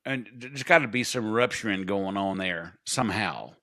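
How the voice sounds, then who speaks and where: Bright-voiced crude podcast host man. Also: fairly low pitch, moderate pace. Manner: crude, blunt humor. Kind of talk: casual podcast chat.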